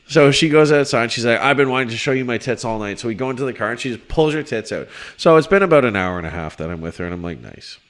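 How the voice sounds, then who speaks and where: Low-pitched male podcast storyteller, casual and profane, animated. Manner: animated, swearing, shouts when quoting people. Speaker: podcast co-host telling a story. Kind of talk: casual storytelling among friends.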